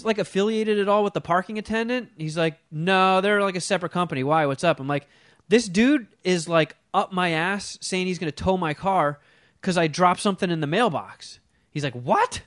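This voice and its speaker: A man co-hosting a talk show, telling a profane story in a casual, animated way and mimicking the people in it. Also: high voice, a little fast, no room sound, studio quality.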